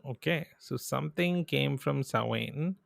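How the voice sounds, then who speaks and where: A man's voice: mid-range voice, measured pace, vocal fry, no echo, clean studio sound. A man co-hosting a quiz podcast, playfully thinking aloud through his answers. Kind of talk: casual quiz chat.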